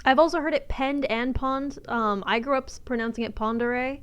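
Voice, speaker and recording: A woman's voice: high-pitched, fairly quick, clear, resonant tone. A woman from Washington State, streaming and chatting casually as she reacts to a video, swearing freely and laughing often.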